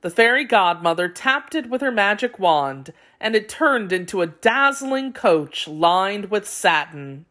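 A woman narrating a children's fairy tale aloud in a clear, expressive read-aloud style. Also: fairly low pitch, measured pace, hardly any pauses. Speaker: story reader. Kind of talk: storybook narration for young children.

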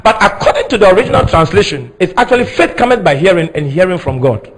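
A man with a husky voice preaching a sermon, dramatic, moving from slow, soft teaching to high, shouted emphasis. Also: sing-song, rough recording. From Ghana. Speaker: prophet preaching.

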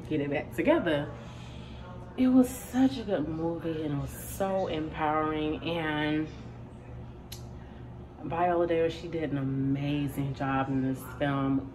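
Speaking in a low voice from her home bathroom, a woman vlogs in a chatty, lively way, addressing her viewers directly in casual conversation. Music plays behind her, and there is background noise.

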